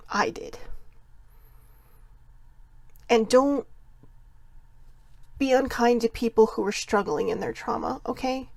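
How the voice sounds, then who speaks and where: A woman hosts a live self-care talk with a slightly high, gravelly voice. She speaks earnestly and heartfelt, leaning on repetition, close to the mic in a dry room. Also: darkish tone, no room sound. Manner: earnest, heartfelt, repeats for emphasis. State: tearful. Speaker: host.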